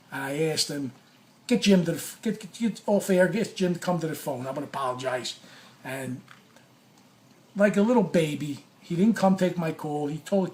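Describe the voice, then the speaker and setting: A man telling a personal story in a casual, animated way, swearing often and acting out what he said. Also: fairly high pitch. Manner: animated, profane, reenacts his own quotes. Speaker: former sports radio caller.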